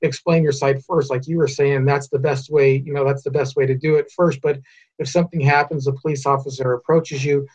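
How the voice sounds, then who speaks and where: A man in a casual podcast conversation who agrees a lot and talks with halting restarts. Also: medium pitch, little pitch movement, a little mellow. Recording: dull lo-fi podcast audio.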